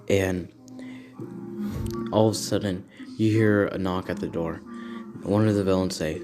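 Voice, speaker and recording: Young man narrating a fan story, low voice, rambling, music behind. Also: steady tone, measured pace, long pauses. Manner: rambling, self-correcting.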